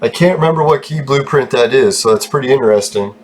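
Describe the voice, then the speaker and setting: A man's voice: medium pitch, fast talker, a little hiss or hum. A man hosting his own gaming channel, talking casually over gameplay, swearing freely and laughing often as he rambles.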